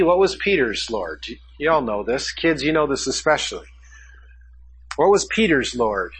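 A man's voice: fairly high pitch, a bit bright, husky, rough recording. A man preaching a sermon, asking his congregation questions as he teaches from a passage. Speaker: pastor.

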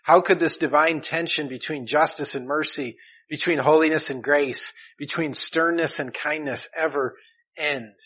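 A man delivering a sermon with a slightly higher-than-usual voice. He preaches earnestly, pressing louder on key phrases and then dropping softly as his lines close. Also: steady tone, moderate pace, slightly rough, low-quality recording. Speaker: pastor.

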